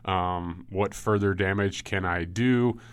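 A man in his thirties, a former football player, telling injury stories in a relaxed way with many ums. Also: low voice, slow pace, smooth, dry recording. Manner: relaxed storytelling with frequent ums and likes. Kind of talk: casual podcast chat.

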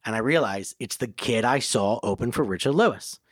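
A man's voice: mid-range voice, brisk, dry recording. A man, a comedian guest, telling stories in a casual interview and acting out the people in them. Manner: animated storyteller who acts out voices.

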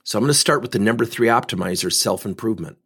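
Quick-paced and lowish, his voice is creaky and husky. He teaches sales through stories, playing both parties in each conversation with lively energy.

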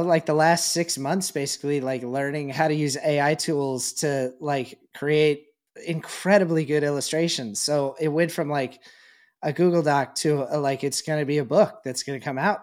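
A man's voice: fairly high pitch, steady tone, moderate pace. A man co-hosting a podcast in casual chat, talking in an easygoing, rambling way. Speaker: podcast co-host.

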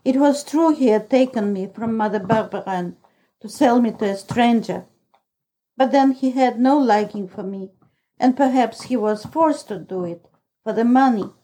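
A woman reading a novel aloud as audiobook narrator, in a measured, even manner. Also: a little high, low-quality recording. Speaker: audiobook reader. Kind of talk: scripted storybook narration.

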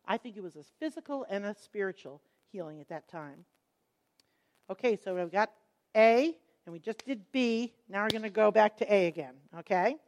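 A woman's voice: mid-range voice, normal speed. A middle-aged woman teaching a Bible lesson, telling the stories expressively and acting out the quotes. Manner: expressive storytelling, acts out quotes.

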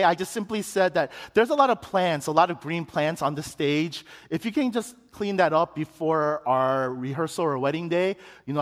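A man's voice: sits high, fairly bright tone, long reverb tail. A man preaching a sermon as pastor, telling a personal story and building to emphatic rising questions. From Chicago, United States.

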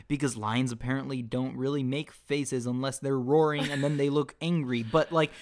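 A man's voice: mid-range voice, steady tone, normal speed. Opinionated young man rambling casually. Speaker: co-host reviewing a film. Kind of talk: casual chat.

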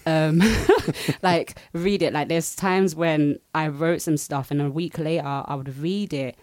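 A woman's voice: sits low, fairly even intonation, unhurried, darkish tone, no room sound. A woman on a podcast panel, chatting in a bubbly way, laughing often and acting out her own reactions. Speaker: panel guest. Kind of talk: casual panel chat.

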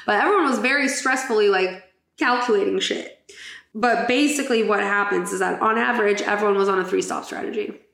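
A woman's voice: medium pitch, a little fast, gravelly, fairly bright tone, reverberant. A woman hosting a podcast in casual chat, chatty and giggly, swearing casually. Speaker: podcast host.

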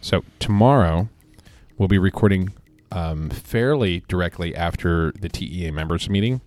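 Brief: low-voiced male co-host with a dry, joking delivery. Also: moderate pace, a little mellow. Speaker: podcast co-host. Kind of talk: casual chat.

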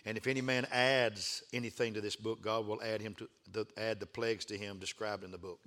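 A male preacher with a bright, forceful voice delivers a sermon in a rolling, repetitive cadence. He swings between hushed, intimate passages and loud, fervent calls for the congregation to answer back. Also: on the low side, level tone, a little fast, hardly any pauses. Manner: builds from hushed to fervent shouting with call-and-response.

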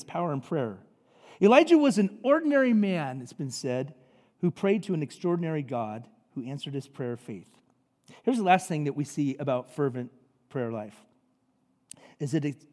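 A man preaching a sermon as pastor, animated and conversational, acting out voices in his stories. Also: high voice. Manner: animated, acts out quotes, conversational asides. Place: church sanctuary. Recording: long reverb of a large hall.

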